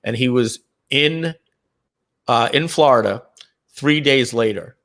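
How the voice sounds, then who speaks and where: A man in the middle of his usual pitch tells a business story in loose, casual talk. He clears his throat again and again and trips over repeated words. He also slips into other people's voices to act out what they said. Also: slow. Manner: animated, acts out the dialogue of others. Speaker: company co-founder on a live Q&A stream.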